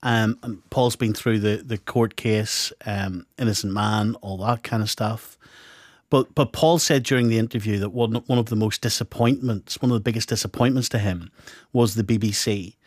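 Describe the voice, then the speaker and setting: Low-voiced male interviewer, dry sound. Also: fairly even intonation, normal speed, no room sound. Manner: direct, probing questions. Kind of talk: conversational interview.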